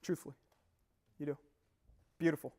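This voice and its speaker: A young man speaking live to an audience as a motivational speaker, animated and laughing, often throwing questions at the room. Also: moderate pace. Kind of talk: live seminar talk to an audience.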